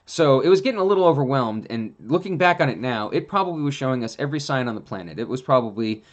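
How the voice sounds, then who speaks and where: A man hosting a casual monologue, telling rambling, animated stories with plenty of fillers. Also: mid-range voice, quick pace, muffled recording. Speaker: host.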